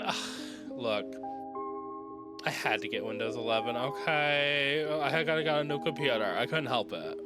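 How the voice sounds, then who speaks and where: A man's voice: medium pitch, animated, moderate pace. A young man casually commenting as he plays a puzzle video game, rambling, swearing and muttering to himself. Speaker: streamer playing a video game. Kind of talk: casual let's-play commentary. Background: game music.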